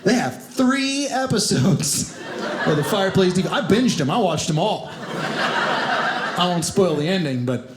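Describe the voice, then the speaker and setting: A man's voice: sits high, measured pace, pauses often, noisy background. A man from Kentucky doing a stand-up comedy set, telling stories and acting out the voices of people in them. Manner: animated storytelling, acts out quoted voices. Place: comedy club stage. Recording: echoey theater with loud audience laughter.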